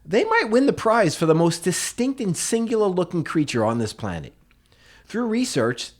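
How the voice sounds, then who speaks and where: Animated, playful male podcast host. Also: medium pitch. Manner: theatrical, builds up his reveals. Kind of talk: casual comedic chat.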